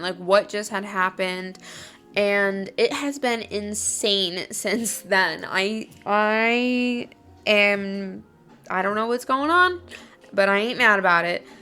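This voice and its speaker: A young woman hosting a podcast, telling a personal story in a gushing, excitable way with lots of "like". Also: mid-range voice, unhurried, clear, resonant tone, faint music behind. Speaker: podcast host. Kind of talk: casual storytelling.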